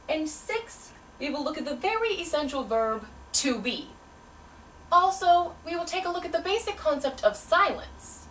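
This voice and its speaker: A young woman in an audition, playing a prim, fussy female language teacher who lectures in formal, deliberately precise diction. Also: sits high, a bit bright, a little hiss or hum. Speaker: auditioning actor. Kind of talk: audition monologue, comic. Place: audition room. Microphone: far camera. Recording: echoey room from a distance.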